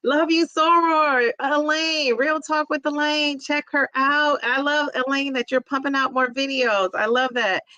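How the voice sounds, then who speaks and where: Bubbly, bright-voiced middle-aged woman livestreaming. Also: high voice, steady tone, unhurried, few pauses, dry recording. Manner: chatty and effusive, greets viewers by name. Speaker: weight-loss vlogger hosting a livestream. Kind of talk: casual livestream chat reading viewer comments.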